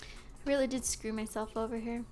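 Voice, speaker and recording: Casting: teasing female co-streamer, slightly high voice, faint music behind. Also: fairly even intonation, moderate pace, a little mellow. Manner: teasing, joking, laughs often. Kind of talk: casual chat.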